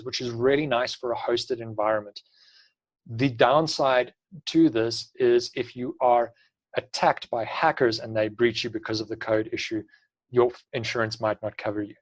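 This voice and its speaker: A man giving an online class lecture in a brisk, practical, advisory way. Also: mid-range voice, rough recording. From South Africa. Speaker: instructor.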